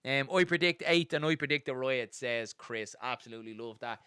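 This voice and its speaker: An Irish man hosting a live football watchalong, chatting casually and reading out viewer comments at a fast, excited clip. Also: mid-range voice, clean tone, no echo, studio quality. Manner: fast-talking, gets excited and carried away. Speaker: host of a football watchalong stream.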